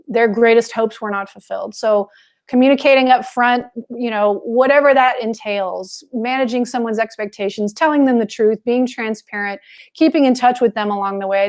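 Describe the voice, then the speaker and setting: A woman with a somewhat high voice co-hosts a webinar. She explains her points earnestly in a conversational way, often repeating words and using fillers. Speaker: co-host. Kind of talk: casual webinar talk.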